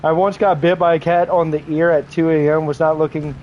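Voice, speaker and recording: A man's voice: on the high side, level tone, brisk, muffled recording, a little hiss or hum. Crude, joking young male streamer. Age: 20s. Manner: crude joking, laughs often. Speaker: game streamer. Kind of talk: casual livestream chat with viewers.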